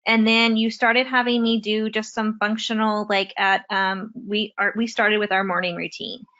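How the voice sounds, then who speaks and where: A woman speaking as a parent guest in a relaxed interview, talking chattily with frequent restarts and "you know" over a video call. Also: mid-range voice, moderate pace. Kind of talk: casual interview conversation. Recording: slightly muffled lo-fi audio.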